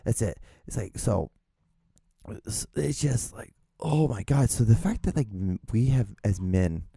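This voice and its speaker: A man talks through a solo podcast in a loose, rambling way, cursing and poking fun at himself. His voice sits low and sounds dark and mellow. The recording is dry and close, with no room around it. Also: dry recording. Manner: rambling, self-deprecating, swears freely, acts out both sides of conversations. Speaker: podcast host.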